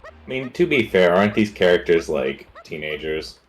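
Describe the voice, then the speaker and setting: A man's voice: low-pitched, animated, normal speed. A man chatting casually with a friend during a game stream, laid-back with dry remarks. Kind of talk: casual chat while gaming.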